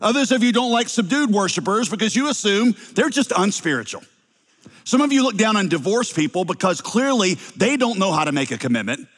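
Wry preacher with a slight Southern accent. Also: male voice, high voice, big pitch swings, brisk, a bit bright, big-room sound. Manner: wry, teasing asides to the congregation. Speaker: pastor. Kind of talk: sermon.

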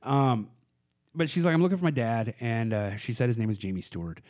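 A man's voice: medium pitch, animated, brisk, darkish tone. A man in his forties from Portland, a comedian, telling rambling stories in casual podcast chat and acting out other people's voices. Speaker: comedian guest.

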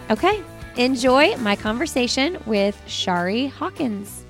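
A woman's voice: fairly high pitch, moderate pace, a bit bright, soft background music. A woman hosting a podcast, chatty and upbeat as she introduces a guest and interviews her. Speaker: podcast host.

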